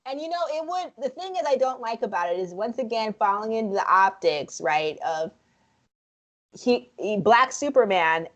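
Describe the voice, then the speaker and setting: A woman co-hosting a casual film review chat, frank and profane, speaking in an animated way. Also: on the high side, moderate pace. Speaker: podcast co-host.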